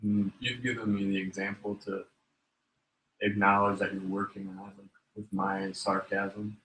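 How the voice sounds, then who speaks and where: A lowish, flat male voice, hesitant and even-toned as he asks a question. Roomy echo and faint background noise surround him. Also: moderate pace. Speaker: student asking a question.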